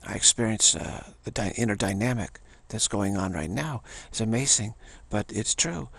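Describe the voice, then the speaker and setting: Gravelly, husky older man teaching. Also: fairly low pitch, expressive, a bit bright, no echo. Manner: halting, with many restarts and pauses. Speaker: spiritual teacher. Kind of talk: meditative teaching talk.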